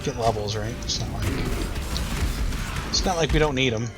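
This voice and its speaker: A young man from the United States narrates his play in a loose, rambling way, stopping to puzzle over menus and poke fun at himself. His voice sits at an ordinary middle pitch. Game music plays clearly behind him. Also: normal speed. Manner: rambling, thinking aloud, self-deprecating. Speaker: gaming YouTuber. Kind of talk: casual let's-play commentary.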